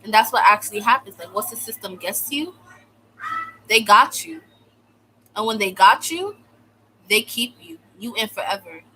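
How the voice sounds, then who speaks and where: Young adult woman, US-born vlogger, casual storytime rant, sarcastic and dramatic, full of "like", crisp bright tone. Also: medium pitch, animated, moderate pace, long pauses, low-quality recording. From United States. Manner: exaggerated, sarcastic, fills speech with "like". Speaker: vlogger telling a personal story.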